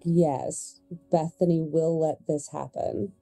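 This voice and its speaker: Low, dark-voiced woman player. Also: steady tone, slow pace, gravelly, faint music behind, poor audio. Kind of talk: casual role-play talk.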